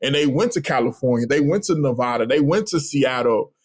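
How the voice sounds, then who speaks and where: A man from Austin with a Texan accent, an interview guest telling lively travel stories and laughing often. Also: mid-range voice, brisk, breathy edge. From Austin, Texas. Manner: animated, laughs often, acts out voices in anecdotes. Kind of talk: casual storytelling.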